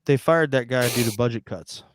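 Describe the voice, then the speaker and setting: A man's voice: medium pitch, fairly quick, slight background noise. A man co-hosting a casual podcast, rambling and sarcastic in his delivery. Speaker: podcast co-host. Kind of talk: casual chat.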